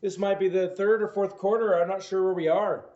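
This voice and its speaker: A man with a high, light voice teaches a math homework lesson. He keeps quizzing the listener with playful, jokey asides. The recording is dull and lo-fi, with an echo around him. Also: flat delivery, brisk, dark tone.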